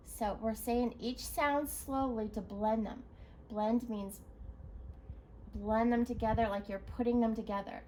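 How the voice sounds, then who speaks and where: A woman's voice: fairly high pitch, fairly even intonation, unhurried, warm tone, slight background noise, poor audio. A woman teacher leading a recorded reading lesson for young children, encouraging and spelling words out letter by letter.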